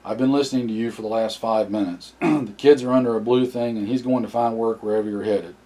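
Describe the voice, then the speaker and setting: A man reading the part of a calm, commanding male survivor in an audiobook, firm and direct, in a low, mellow voice. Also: fast, natural voice.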